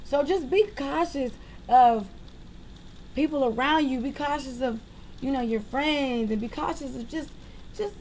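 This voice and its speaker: Young-sounding woman with a raised pitch, venting at home into a webcam. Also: slight background noise, poor audio. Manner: animated, exasperated ranting. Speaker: vlogger. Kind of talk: casual venting monologue.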